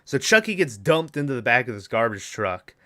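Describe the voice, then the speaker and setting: A man's voice: mid-range voice, sing-song, brisk, bright, forceful tone. A man hosting a podcast, recapping a film in a rambling, casual way, swearing and acting out lines. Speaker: podcast host.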